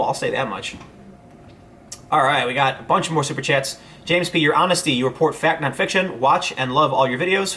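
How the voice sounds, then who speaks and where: A man in his thirties hosts a casual livestream, answering viewer comments one after another. His voice is bright and sits a little high. He rambles, circles back, and stumbles over restarts, with a faint hum of background noise. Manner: rambling, frequent restarts and fillers. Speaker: host reading viewer chat.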